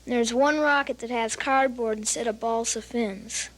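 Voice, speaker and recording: A woman giving a casual show-and-tell explanation of her hobby in a plain, matter-of-fact way, with the occasional pause as she searches for a word. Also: fairly high pitch, steady tone, poor audio. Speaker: hobbyist explaining model rockets.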